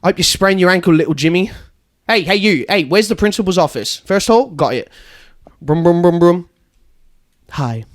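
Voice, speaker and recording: In a comedic podcast story, a man portrays a blind, foul-mouthed female bus tour guide using a high-pitched, animated voice that is still pitched below his own, at a moderate pace with long pauses. The character is irritated and scheming, lurching from chirpy guide talk into furious swearing.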